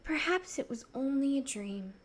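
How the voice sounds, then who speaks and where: Dreamy sensible young girl, as a woman reads her, storybook, high voice. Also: animated, moderate pace.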